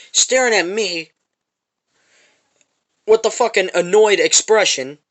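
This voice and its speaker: High-voiced man ranting a storytime. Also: bright, forceful tone. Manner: profane, repetitive storytelling. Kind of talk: angry storytime rant. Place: parked van.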